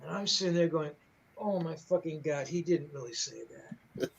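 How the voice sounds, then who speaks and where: An older man telling a backstage story in loose, meandering conversation, with plenty of cursing and false starts. His voice sits a little above the usual male pitch. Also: moderate pace, gravelly, husky, lo-fi sound. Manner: rambling, profane, many fillers and restarts. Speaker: rock journalist telling a story. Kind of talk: casual storytelling on a livestream.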